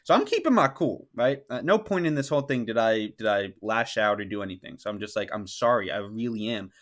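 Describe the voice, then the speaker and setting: A fast-talking podcast host with a medium-pitched, animated voice shares a personal story. He wanders casually through it, using "like" constantly and performing what people said.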